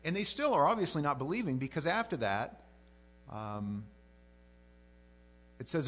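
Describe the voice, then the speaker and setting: Preaching with animation and a chatty tone, this man often breaks off and restarts his sentences. He speaks fairly quickly in a mid-range voice.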